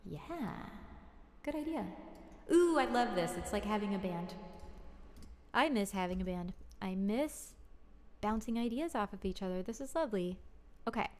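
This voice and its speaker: A woman's voice: medium pitch, lively intonation, normal speed, long pauses. A woman musician talking to herself and her viewers while building a song in a studio livestream. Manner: talks to herself, soft and musing. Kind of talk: casual talk while making music. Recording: roomy with long reverb, music behind. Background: music playing.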